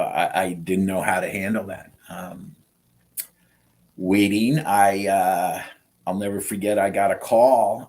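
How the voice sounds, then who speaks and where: A middle-aged man telling his story in an interview, animating the quoted dialogue with lively jumps in his voice. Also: on the low side. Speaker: guest sharing transplant story.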